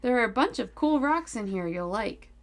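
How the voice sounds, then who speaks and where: A woman's voice: a little high, animated, moderate pace. A woman voicing a friendly little alien boy in a storybook reading, hopeful and eager.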